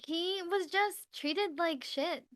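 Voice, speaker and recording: Woman co-host, high voice, chatty casual retelling. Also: takes it slowly, a bit bright. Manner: chatty, acts out quotes in retelling. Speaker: podcast co-host. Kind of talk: casual chat.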